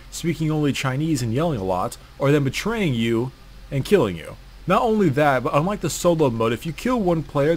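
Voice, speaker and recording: Crude sarcastic male storyteller. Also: mid-range voice. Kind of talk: comedic story narration about an online game.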